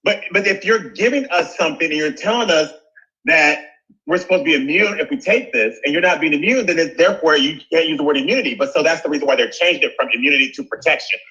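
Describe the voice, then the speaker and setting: A man's voice: on the high side, fast, pushed and bright, muffled recording. A man calling into a talk show, angry, indignant and profane. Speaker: caller.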